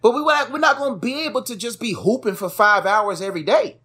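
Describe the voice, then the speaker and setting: A man's voice: extremely high pitch, brisk, sharp tone, slightly rough. Young male co-host, casual motivational talker, emphatic and preachy. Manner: emphatic, preachy, repeats phrases for stress. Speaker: podcast co-host.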